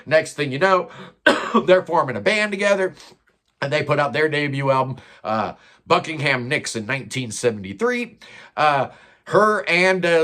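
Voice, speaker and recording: A man runs through a countdown of singers he dislikes, with a slightly high voice. His delivery is blunt and sarcastic, loose and unscripted, peppered with fillers. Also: fairly bright tone. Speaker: music commentary host. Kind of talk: opinionated countdown monologue.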